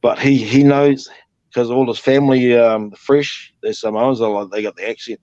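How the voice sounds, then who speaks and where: A New Zealand man with a New Zealand accent chats casually as a guest on a live stream, rambling, laughing often, and swearing casually. His voice is medium-pitched, steady, and somewhat dark at a normal speed. He's on a video call, and the audio is muffled but has no echo.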